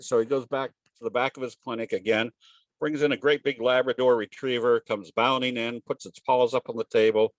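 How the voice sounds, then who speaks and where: A man's voice: mid-range voice, steady tone, fairly quick, dry recording. A man giving a casual trading webinar in a folksy, storytelling way, with frequent restarts. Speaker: trading educator presenting a webinar.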